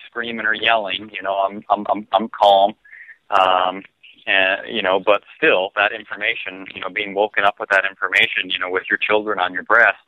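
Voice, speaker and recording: Low-voiced man, radio guest recounting events, measured and hesitant, heavy on fillers; dull, dry lo-fi sound. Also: dry recording. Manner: calm, halting, full of "you know" fillers. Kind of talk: personal story told on talk radio. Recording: dull lo-fi dry broadcast audio.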